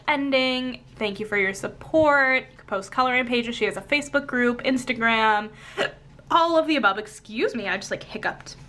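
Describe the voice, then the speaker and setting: A woman's voice: on the high side, bright, forceful tone, a little hiss or hum. A young woman chatting casually as she flips through a coloring book, bubbly and talkative, saying "like" and "cute" often. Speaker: coloring book channel host. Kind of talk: casual flip-through vlog.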